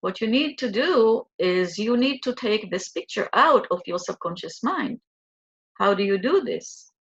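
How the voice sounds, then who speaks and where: A woman leads a guided tapping exercise, speaking slowly and soothingly and repeating her cues. Her voice sits at a middling pitch. The recording sounds a little dull and lo-fi. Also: expressive, a bit bright, breathy edge. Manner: slow, soothing, repetitive guidance. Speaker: EFT tapping coach.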